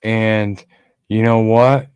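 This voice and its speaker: A man's voice: lowish voice, steady tone, extremely slow, darkish tone, clear, resonant tone, no room sound, clean studio sound. A man co-hosting a podcast livestream, rambling casually and greeting chat viewers by name. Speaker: podcast co-host.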